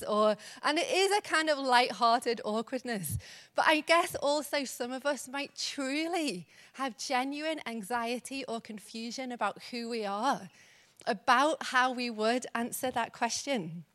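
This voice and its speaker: A woman's voice: sits high, a little slow, a bit bright. A woman preaching a church sermon in a conversational way, with laughing asides. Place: church service.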